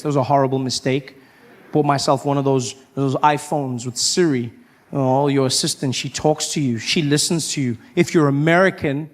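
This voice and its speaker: Guy doing standup, kinda high voice, animated storytelling with loud bits. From South Africa. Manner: animated storytelling, acting out scenes with loud outbursts. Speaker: comedian. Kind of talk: stand-up comedy.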